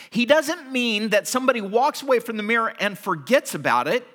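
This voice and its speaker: A man's voice: very high-pitched, animated, normal speed, hardly any pauses, a bit bright. A man preaching a sermon as pastor, telling everyday stories and acting them out with animation.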